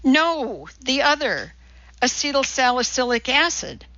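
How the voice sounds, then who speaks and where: A woman's voice: sits high, big pitch swings, measured pace, bright, forceful tone, no echo, lo-fi sound, voice pushed up, full character voice. A woman voicing an attentive, helpful female TV studio assistant, in an audiobook reading. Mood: solicitous. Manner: attentive, solicitous.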